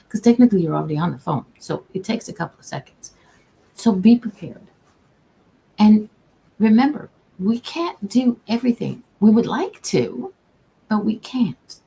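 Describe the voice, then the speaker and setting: A woman's voice: mid-range voice, very animated, moderate pace, gravelly, husky, rough recording. A woman who works as a customer service agent, giving casual advice on a livestream in a chatty, folksy way with frequent restarts. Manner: chatty, folksy, warm-hearted, restarts sentences often. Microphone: own camera, streaming.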